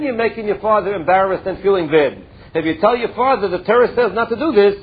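A man's voice: high-pitched, slightly rough. A man teaching a Talmud study lesson, reading Hebrew and Aramaic phrases and explaining each in plain English. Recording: tinny phone-like audio.

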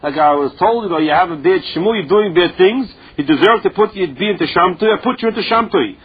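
Husky-voiced man teaching Talmud, lo-fi. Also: high voice, lively intonation. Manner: chants source text slowly, then explains in plain English. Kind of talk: Talmud lesson, translating Aramaic into English. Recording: dull, lo-fi recording.

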